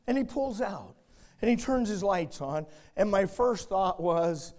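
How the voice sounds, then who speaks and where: A middle-aged man preaching a sermon in a church, telling folksy stories and building up to loud, shouted emphasis. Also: high-pitched, expressive, a little slow.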